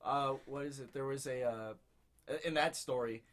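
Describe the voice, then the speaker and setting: A young podcast co-host tells stories in a casual chat, laughing often as he animatedly spins his tales. His voice is medium-pitched and moves at a moderate pace.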